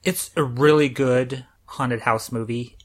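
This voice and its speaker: Casual male podcast co-host, jokey and rambling, average pitch. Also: fairly even intonation, slow. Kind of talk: casual chat.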